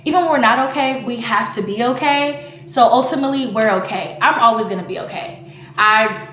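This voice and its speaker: A woman in her twenties talks to her vlog camera in a brisk, bright, forceful voice on the high side, with reverberant audio. The casual personal chat turns emotional, and she fights back tears while filling her speech with "like" and "you know."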